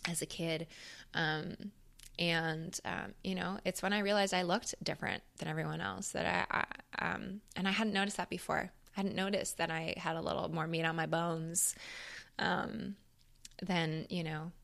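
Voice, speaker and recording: Telling her own life story in a frank, casual way, a young woman speaks with a slightly low, creaky and fairly bright voice. She's openly emotional, leans on plenty of fillers, and now and then drops a swear word.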